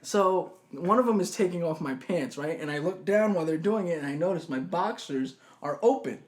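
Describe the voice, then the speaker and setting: A young man tells a college story in casual chat. He is animated and swears freely, and he shouts out the quoted lines. His voice sits a little high for a man. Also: moderate pace. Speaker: podcast co-host.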